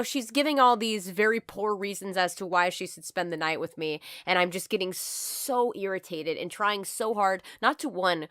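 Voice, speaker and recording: A young woman from California telling a storytime vlog in an animated, profane, emphatic way. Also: medium pitch, no room sound, clean studio sound. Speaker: vlogger.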